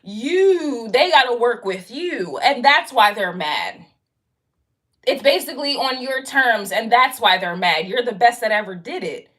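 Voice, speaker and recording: A woman's voice: a little high, animated, unhurried, a bit bright. A woman giving a casual tarot reading, talking straight to the viewer in a blunt, profane, slangy way and hammering her point again and again. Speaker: tarot card reader.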